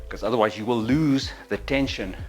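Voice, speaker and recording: A man's voice: on the low side, normal speed. A middle-aged man coaching an exercise routine, counting reps and breathing audibly, a little out of breath during the sets. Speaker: fitness instructor. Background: faint music.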